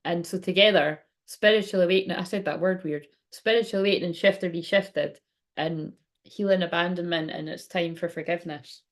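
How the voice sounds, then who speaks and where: A woman's voice: lowish voice, fairly even intonation, normal speed. A woman hosting a casual live-stream tarot reading, chatting to viewers, laughing often and swearing casually. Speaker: tarot card reader and livestream host.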